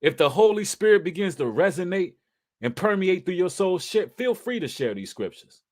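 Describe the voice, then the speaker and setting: A man's voice: high-pitched, big pitch swings, normal speed, darkish tone. Emphatic preacherly man hosting a livestream. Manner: emphatic, preacherly, addresses audience as brothers and sisters; casual slang with occasional cursing. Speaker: livestream host.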